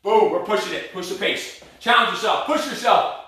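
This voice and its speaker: A man's voice: high voice, moderate pace, sharp tone, a little hiss or hum. A man coaching a live cardio boxing class, out of breath and barking short, blunt commands and counts. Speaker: fitness instructor. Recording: echoey room, voice far from mic.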